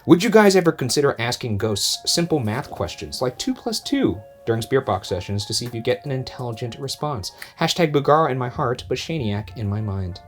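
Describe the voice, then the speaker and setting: A man's voice: mid-range voice, fairly quick, few pauses, faint music behind. An American man co-hosting a casual chat, telling stories and acting out the things people said to him. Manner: animated storyteller, acts out quoted exchanges. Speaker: co-host.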